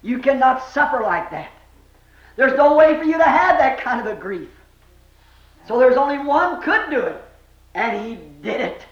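A male preacher delivers an impassioned revival sermon, breaking into shouts and then dropping to hushed, low lines. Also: big pitch swings, normal speed, long pauses. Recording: echoey, dull old sermon recording.

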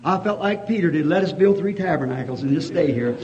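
Fervent high-voiced preacher, lo-fi. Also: male voice, animated, a little fast. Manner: fervent, folksy storytelling that rises to shouting. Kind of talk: sermon, storytelling. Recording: dull lo-fi old recording.

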